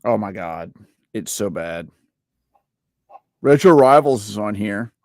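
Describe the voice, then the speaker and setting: A man's voice: lowish voice, lively intonation, takes it slowly, no room sound, clean studio sound. A man hosting a casual gaming chat, joking around and playful. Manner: playful, jokey, puts on accents. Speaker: podcast host.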